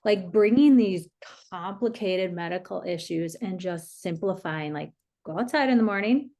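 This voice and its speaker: A woman's voice: medium pitch, moderate pace, mellow. A woman hosting a podcast, a dietitian talking in a chatty, casual way with many fillers and easy laughs.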